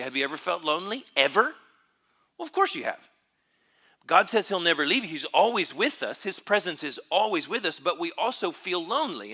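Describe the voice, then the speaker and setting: A man preaching a sermon as pastor in a church, reflective and searching, often pausing and restarting his phrases. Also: on the high side, bright, forceful tone. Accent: Texan.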